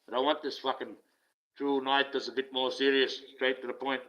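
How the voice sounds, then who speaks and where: Older aussie bloke venting, swears a lot, kinda dull lo-fi sound. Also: male voice, mid-range voice, level tone, normal speed, a bit bright. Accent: Australian. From Australia. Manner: swears often, bitter and rambling, with wry laughs. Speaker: online streamer. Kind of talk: casual rant. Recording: slightly dull lo-fi audio.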